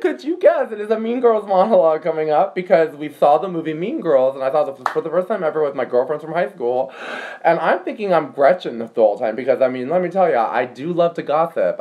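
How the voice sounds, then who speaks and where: A young man hosts a casual livestream, chatting and rambling with plenty of filler words. His voice is mid-range and the sound is lo-fi.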